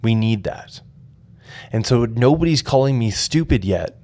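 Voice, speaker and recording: An earnest young man narrates his memoir with reflective sincerity. His voice sits at a middle pitch, plain and unhurried. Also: lively intonation, a little mellow.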